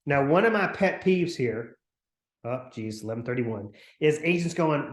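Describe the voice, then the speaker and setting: A man coaching real estate agents on a video call, talking in an energetic, chatty way and acting out upbeat phone calls. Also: medium pitch, unhurried, echoey room. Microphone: computer mic on a video call.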